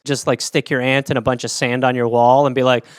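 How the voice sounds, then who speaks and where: A man's voice: level tone, a little fast, clear, resonant tone, dry recording, studio quality. A man from Wisconsin hosting a podcast alone, riffing jokily on listener topics and slipping into silly character voices. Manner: rambling, jokey, slips into silly high-pitched character voices. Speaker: podcast host.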